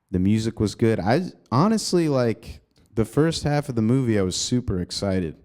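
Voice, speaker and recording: Dude comedian ranting solo on his podcast, low warm voice, cussing a lot, pitch jumps around. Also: clear, resonant tone. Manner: profane, rambling, jumpy pitch bursts. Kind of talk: casual solo podcast rant. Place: apartment.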